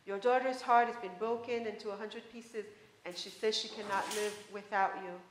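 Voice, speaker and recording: A woman voicing a wise old village woman who travels to the land of the dead, speaking in a slow, insistent cadence. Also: mid-range voice, fairly even intonation, echoey room, a little hiss or hum, natural voice, low-quality recording.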